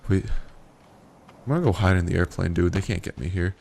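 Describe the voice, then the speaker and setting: A man's voice: low voice, brisk, vocal fry, darkish tone. A young man casually commentating a survival game, playful and joking with profane asides. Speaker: gameplay commentator. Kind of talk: casual let's-play commentary.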